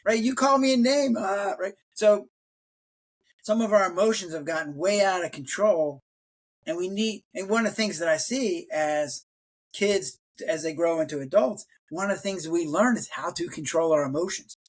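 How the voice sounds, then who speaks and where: A man's voice: sits high, moderate pace. An older man, a retired physician, talking casually as a podcast guest and acting out quoted lines with a raised voice. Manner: animated storyteller, acts out quotes in raised voice. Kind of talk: casual interview talk.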